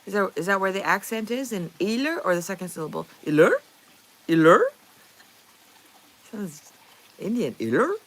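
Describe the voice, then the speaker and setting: A woman's voice: mid-range voice, animated, brisk, a bit bright, low-quality recording. A woman livestreamer chatting casually with her viewers, reading their messages aloud, playful and often laughing.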